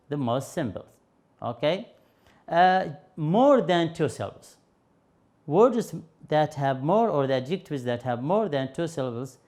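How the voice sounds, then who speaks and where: Arabic-accented male TV teacher, slightly high voice, slow and patient, lots of examples. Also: darkish tone. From Yemen. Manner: slow, patient explaining with fillers and repeated examples. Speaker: English teacher. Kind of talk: TV grammar lesson.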